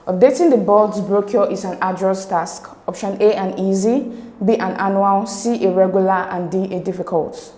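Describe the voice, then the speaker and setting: A woman's voice: mid-range voice, moderate pace, hardly any pauses, dark tone, reverberant. A woman explaining exam answers step by step, methodical and repeating key words. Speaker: exam tutor.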